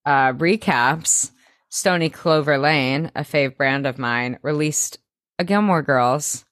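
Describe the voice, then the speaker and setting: Low-voiced wry woman co-host. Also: slow, fairly bright tone, no room sound, studio quality. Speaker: podcast co-host. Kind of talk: casual recap chat.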